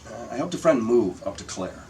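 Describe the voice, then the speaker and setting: A man's voice: medium pitch, lively intonation, brisk, a little mellow. An older man, a comedian, telling rambling, profane stories with frequent restarts in a casual interview. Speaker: guest comedian. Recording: distant mic with faint background hiss.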